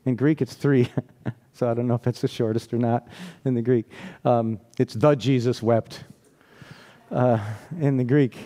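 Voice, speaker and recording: A man's voice: mid-range voice, fairly even intonation, moderate pace, warm tone. A man preaching a sermon in a conversational, storytelling way, often asking rhetorical questions and laughing.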